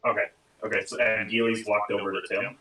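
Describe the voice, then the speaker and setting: A man's voice: fairly low pitch, level tone, brisk, crowd noise, rough recording. A man playing a tabletop game, speaking hesitantly with plenty of fillers. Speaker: player.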